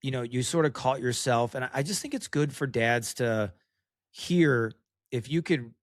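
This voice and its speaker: A man's voice: medium pitch, animated, normal speed, dry recording, studio quality. A man hosting as a coach, asking searching questions and restarting them as he goes. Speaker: host, coach. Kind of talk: interview questions.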